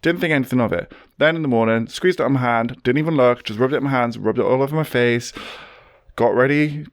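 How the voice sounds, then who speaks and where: A man, co-hosting a podcast and telling a story in an animated, casual way. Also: mid-range voice, fast talker, no room sound, clean studio sound. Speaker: podcast co-host. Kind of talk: casual chat.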